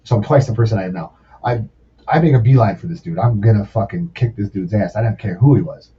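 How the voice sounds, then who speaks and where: A man's voice: on the low side, fast. A man in his forties telling rambling, profane stories in a casual podcast chat. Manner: profane, rambling, animated storyteller. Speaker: podcast guest, former sous chef. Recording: distant mic, dull lo-fi sound, faint background noise.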